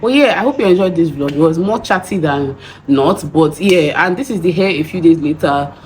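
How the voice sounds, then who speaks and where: This young Nigerian woman has a Nigerian accent and a lowish, darkish voice with lively intonation at a moderate pace. She's telling a story in a chatty vlog, acting out the voices she quotes, with slight background noise.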